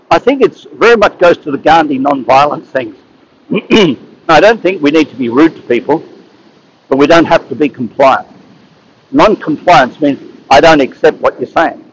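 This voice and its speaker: A man's voice: medium pitch, slight background noise, low-quality recording. Rambling man telling stories. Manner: rambling, repeats and restarts words. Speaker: speaker sharing advice. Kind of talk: casual storytelling monologue.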